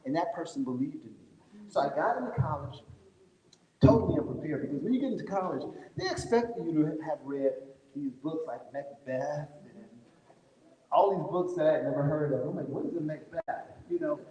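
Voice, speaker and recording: A fairly high-voiced man gives a folksy motivational talk to a live crowd. His voice rings through a large hall with a long, roomy reverb. He tells his story as if chatting with the room. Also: dark tone, dull audio. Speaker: conference speaker.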